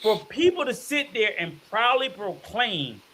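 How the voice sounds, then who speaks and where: A man's voice: sits high, sing-song, a little slow, sharp tone. A man co-hosting a podcast, ranting emphatically and profanely in a heated debate. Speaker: podcast co-host.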